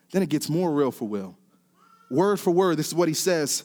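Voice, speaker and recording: High-voiced preacher, man. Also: animated, moderate pace. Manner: swings from quiet to rising, emphatic repetition. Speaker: pastor. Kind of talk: sermon.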